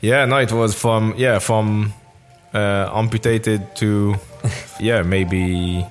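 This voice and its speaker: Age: adult. Sex: man. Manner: hesitant, halting, searching for words. Pitch: fairly low. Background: faint music. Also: steady tone. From France. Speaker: interview guest, former footballer. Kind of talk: casual conversational interview.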